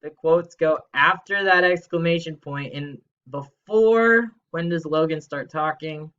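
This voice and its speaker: A man's voice: on the high side, measured pace, bright, forceful tone, smooth, dull audio. A young man teaching a third grade grammar lesson from home, upbeat and playful, reading worksheet items aloud. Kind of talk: recorded remote grammar lesson.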